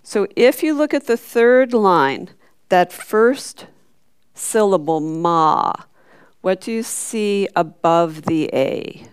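A woman leads a chanting class, patiently explaining the notation and singing short syllables for her students to echo. Her voice is very smooth and clear, and she speaks in a slow, unhurried way. The sound is close and dry, with no room echo. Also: mid-range voice, expressive. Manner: patient, demonstrates sung syllables for the class to repeat. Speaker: teacher. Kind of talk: chanting lesson.

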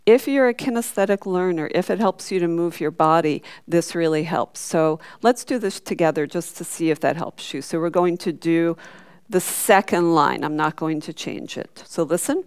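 A woman's voice: fairly low pitch, normal speed, a little mellow, clean tone, dry recording, studio quality. A woman teaching a chanting class, patiently explaining marks and singing syllables for the group to repeat. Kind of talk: chanting lesson.

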